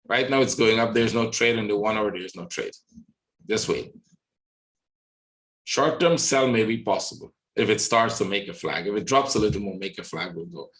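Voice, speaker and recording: Low-voiced man thinking aloud over charts. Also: normal speed, fairly bright tone, reverberant, poor audio. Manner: thinks aloud, many "right?" tag questions. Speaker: trading webinar host. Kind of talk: live market analysis walkthrough.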